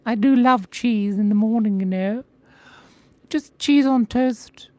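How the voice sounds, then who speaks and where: A man putting on a squeaky little mouse builder. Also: slow, a little mellow, no echo. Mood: dainty. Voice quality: squeaky high put-on voice. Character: cute little male mouse construction worker.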